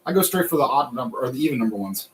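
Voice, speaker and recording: American man, host, rambling casual chat, mid-pitched voice. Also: expressive, rapid-fire, low-quality recording. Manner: rambling, chatty, laughs often.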